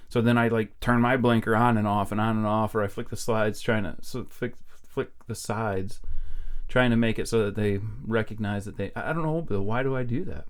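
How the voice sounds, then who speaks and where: A man's voice: lowish voice, fairly even intonation, brisk. A middle-aged man co-hosting a home-recorded podcast, chatting casually and laughing at himself as he rambles. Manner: rambling, self-mocking, laughs often. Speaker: podcast co-host. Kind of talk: casual chat.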